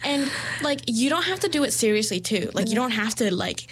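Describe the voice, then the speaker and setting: A woman's voice: fairly high pitch, expressive, a little fast, breathy edge. A young woman in casual conversation, talking freely and filling her speech with "like" and small laughs. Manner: chatty, heavy use of "like", laughs easily. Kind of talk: casual chat.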